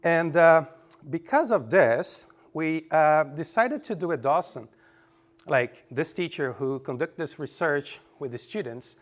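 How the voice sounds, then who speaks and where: Man, conference presenter, fairly high pitch, hesitant and filler-heavy. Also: expressive. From Brazil. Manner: halting, many fillers, reading figures off slides. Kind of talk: lecture with slides. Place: conference room.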